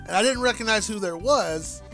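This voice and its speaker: A man with a high voice, lively intonation and a sharp tone streams a game and chats casually over faint game music. His commentary rambles and jokes, with frequent halting restarts.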